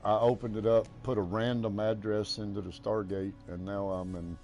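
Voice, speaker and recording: An older American man chatting casually while playing a game, with a folksy, halting drawl. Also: lowish voice, little pitch movement, darkish tone, faint music behind. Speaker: gaming streamer.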